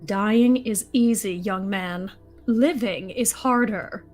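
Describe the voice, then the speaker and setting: A woman's voice: medium pitch, slow, darkish tone, faint music behind, close to an everyday voice. A woman voicing a weary adult male general leading outnumbered troops, delivering the lines in a rhythmic, rap-like way. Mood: earnest. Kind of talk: live dramatic read-through of a musical.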